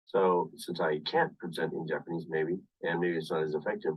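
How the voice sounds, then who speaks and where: A man with a low, slightly husky voice gives a university English lecture over a video call, heard through a webcam mic set a little back from him. He explains step by step and circles back to the same points, leaning on "of course" again and again. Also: steady tone, recorded from a distance, highs cut off. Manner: repetitive, explains slowly with many "of course" asides. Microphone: computer webcam mic on video call.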